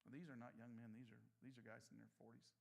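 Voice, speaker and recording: A man's voice: mid-range voice, flat delivery, quick pace, gravelly, husky. A middle-aged man preaching a sermon as pastor, telling stories and acting out the voices of people in them. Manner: storytelling, acting out voices in his anecdotes.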